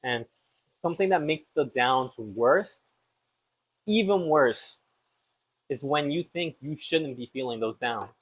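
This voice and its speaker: A man's voice: medium pitch, expressive, takes it slowly, long pauses, husky. Rambling young man cooking at home. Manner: rambling, self-deprecating, upbeat asides. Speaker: podcast host. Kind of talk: casual chat while cooking. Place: home kitchen. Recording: slightly dull lo-fi audio.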